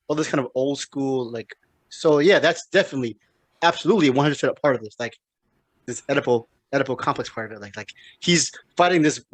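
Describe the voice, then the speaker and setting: A man's voice: mid-range voice, fairly bright tone, no room sound. A man co-hosting a podcast, rambling about films with many restarts and frequent swearing. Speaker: podcast co-host. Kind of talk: casual film discussion.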